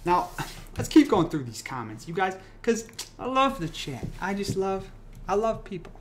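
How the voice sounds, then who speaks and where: This young man has a high voice and a moderate pace, and the recording has a little hiss or hum. Hosting a laid-back livestream, he goes on profane, animated rants and drifts around while reading comments.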